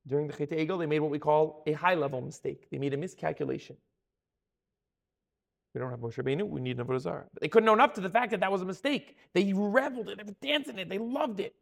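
A man delivers a sermon in a high, gravelly voice. He stays animated throughout and slips into the voices of the people he quotes. He often stumbles and restarts his words. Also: fast. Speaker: Torah teacher.

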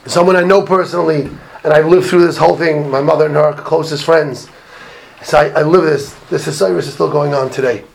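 A man giving a sermon as a rabbi, telling stories in an animated way that swings from hushed asides to near shouts. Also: a little high, brisk, vocal fry, rough recording.

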